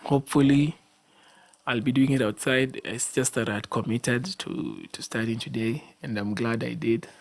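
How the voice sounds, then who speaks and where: A young man with a Kenyan accent talks alone on his podcast in a mid-pitched voice. He rambles and restarts his sentences, often slipping into a preachy, exhorting tone. He sounds sleepy after a long day. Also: fairly even intonation, moderate pace, creaky. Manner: rambling, repeats himself, frequent restarts and fillers. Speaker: podcast host. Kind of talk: casual solo podcast monologue.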